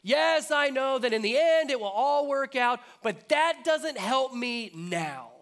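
A man's voice: very high-pitched, animated, takes it slowly, a bit bright, voice pushed up, full character voice. A man voicing an exasperated, grieving woman who impatiently brushes off comfort.

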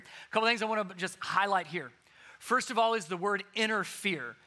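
A man preaching a sermon, animated, moving between loud emphasis and hushed, quiet points. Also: high voice, normal speed. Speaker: pastor.

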